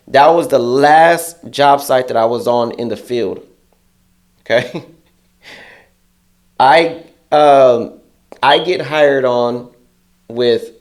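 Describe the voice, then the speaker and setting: This is a man's voice, medium in pitch and a little mellow, belonging to an interview guest. His story comes out casual and profane, and he performs the quoted lines of others loudly and heatedly in lively storytelling fashion.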